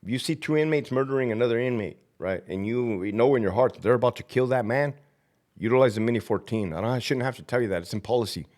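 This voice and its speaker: A man who is a former prison lieutenant hosting a vlog, ranting and rambling with profanity between long runs of viewer shout-outs. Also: medium pitch, quick pace.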